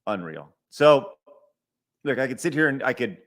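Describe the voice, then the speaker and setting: This middle-aged man hosts a podcast live stream, reading out viewer donations and ranting in exasperation, with swearing, repetition, stumbles and frequent stutters and restarts. His medium-pitched voice is very animated, moderately paced and fairly bright.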